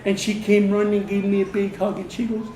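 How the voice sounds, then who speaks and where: An earnest male missionary talks with emphasis, doubling his words to drive a point home. His voice is mellow and soft-edged, recorded in an echoey room with a faint hum behind. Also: high-pitched, monotone, a little fast. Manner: earnest, emphatic, repeats himself for stress. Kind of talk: interview.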